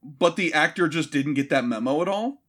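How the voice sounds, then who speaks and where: A man's voice: fairly high pitch, expressive, moderate pace, fairly bright tone. A man in casual movie-review chat, sarcastic and profane, mockingly acting out characters. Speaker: podcast co-host.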